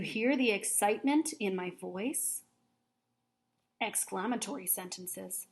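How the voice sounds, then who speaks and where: A woman's voice: mid-range voice, slow. Patient woman teaching a grammar lesson. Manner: patient, clear, step-by-step instruction. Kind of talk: recorded grammar lesson for children.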